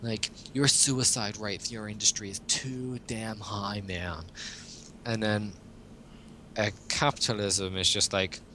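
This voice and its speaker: A man's voice: on the low side, steady tone, a little slow, bright, forceful tone, slight background noise. A man co-hosting a podcast in a casual, joking chat, rambling along with frequent chuckles. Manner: rambling, jokey, chuckles often. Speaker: podcast co-host.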